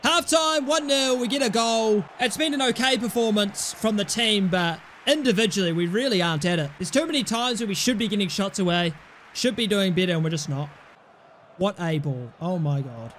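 A young man commentating his own football gameplay, excitable, yelling and swearing at the game. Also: high-pitched, moderate pace, a little hiss or hum. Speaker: gaming YouTuber.

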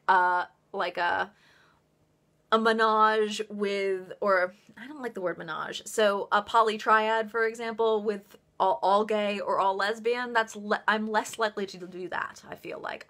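A woman's voice: mid-range voice, a bit bright. A woman author chatting casually on a livestream, rambling a little and laughing often.

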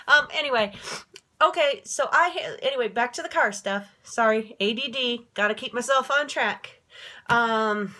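A middle-aged woman from Minnesota vents to a handheld camera in a casual vlog. Her voice sits a little high, and she talks in a rambling way, full of fillers, restarts and swearing. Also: bright, forceful tone. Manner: rambling, swearing, frequent fillers and self-corrections. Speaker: vlogger. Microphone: handheld phone camera, no tripod.

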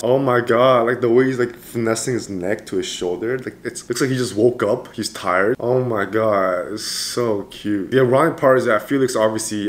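A man hosting a reaction video, talking casually and gushing with frequent excited exclamations. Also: mid-range voice.

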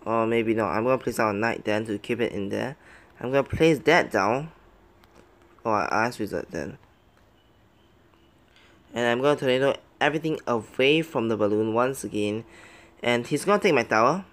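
A young man narrating his own gameplay live, his voice sitting at an ordinary middle pitch. He talks through each move half to himself, then bursts into yelps and begs the game when things go wrong. The delivery is casual, quick to react and never scripted. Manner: excitable, swings between muttering plans and loud yelps. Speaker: game commentator.

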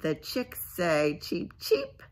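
In this bedtime story session, a woman who works as a librarian reads a picture book aloud, gently quizzing the children before dropping into a hushed, almost whispered tone. She's animated but slow-paced, her medium-pitched voice carrying a breathy quality.

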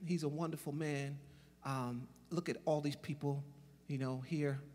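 Man, forties, comic eulogy speaker, high husky voice, echoing memorial hall. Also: unhurried. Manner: casual, laughing, animated storytelling.

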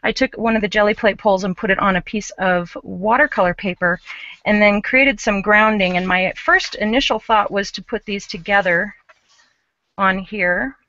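Bright-voiced woman hosting a craft demo. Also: medium pitch, normal speed, dry recording. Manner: chatty, laughing, thinking aloud. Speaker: craft show host. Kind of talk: live-streamed craft demo. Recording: dull, lo-fi live stream.

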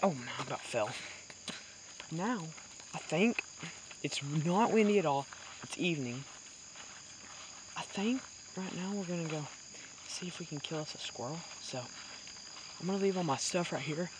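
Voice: medium pitch, expressive, moderate pace, pauses often. A hunting vlogger, chatting to viewers and whispering while stalking in the woods. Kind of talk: chatty outdoor hunting vlog. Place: outdoors in woods. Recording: outdoor noise with crickets. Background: crickets and insects.

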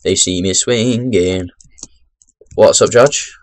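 A young man giving chatty, rambling commentary while playing a video game into his webcam microphone, breaking into sudden loud exclamations. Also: deep voice, takes it slowly. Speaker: gaming commentator. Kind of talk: chatty let's-play commentary.

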